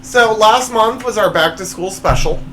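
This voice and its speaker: A man's voice: normal speed, music in the background. A man hosting his own comedy show, reading joke punchlines with playful swings in his voice. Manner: jokey, reads punchlines with big pitch swings. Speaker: show host. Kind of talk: comedy monologue.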